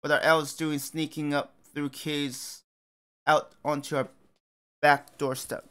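A man's voice: on the high side, little pitch movement, slow, bright, forceful tone, smooth. A man playing a sarcastic, suspicious human commander. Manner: sarcastic, accusing.

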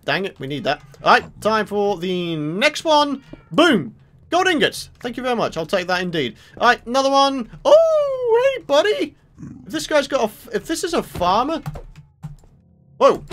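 Excitable man narrating gameplay. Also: high-pitched. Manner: excitable, exclamatory, chatty with viewers. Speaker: let's play host. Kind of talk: video game commentary.

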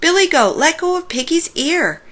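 A woman voicing a kind, helpful little duck who gently encourages her friends in a children's storybook. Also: medium pitch, expressive, slow. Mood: urgent. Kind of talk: storybook character voice.

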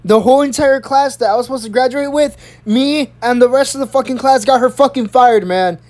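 A young adult in their early twenties telling a school story in a profane, animated, rambling way. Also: high-pitched, brisk. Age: early 20s. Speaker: vlogger. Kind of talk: storytime vlog.

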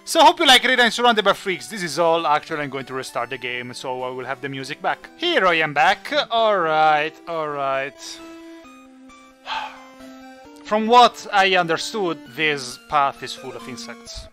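A man who is not a native English speaker chats his way through a let's play, joking and thinking aloud. His voice is bright and swings up and down with excitement. Game music plays faintly behind him. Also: fairly high pitch, measured pace. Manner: chatty, jokey, thinks aloud. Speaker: gaming channel host.

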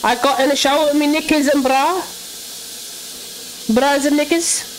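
A woman's voice: high-pitched, fairly even intonation, moderate pace, background noise. A young woman, chatting and reacting as she plays a horror game, talking to herself and shrieking when scared. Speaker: gaming YouTuber. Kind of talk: casual let's-play commentary.

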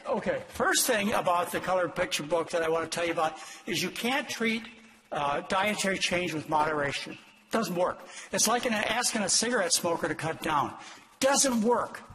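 An older man, a doctor, lecturing an audience in an emphatic, exhortative way with sudden leaps in pitch. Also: a bit bright, a little hiss or hum, low-quality recording. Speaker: doctor giving a talk.

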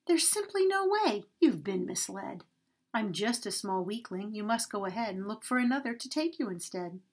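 A woman voicing a timid, weak young male donkey who pleads and frets in a high, loud voice. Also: moderate pace, breathy edge. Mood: anxious.

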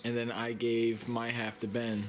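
A man's voice: medium pitch, completely flat delivery, measured pace, a little hiss or hum. A young man in casual, joking chat among friends. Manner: joking, teasing.

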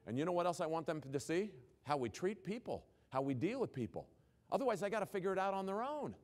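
A man, a former principal, gives a conference keynote at a brisk clip. His voice sits a bit above the usual male range. He drives his points home with punchy rhetorical questions and folksy jokes. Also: high voice, sing-song. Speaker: education speaker, former principal.

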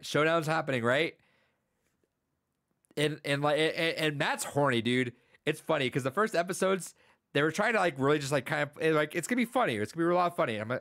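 Animated man spinning a rambling story. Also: mid-range voice, dry recording, studio quality. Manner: animated storyteller, loose and rambling with many restarts. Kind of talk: casual chat, retelling a story.

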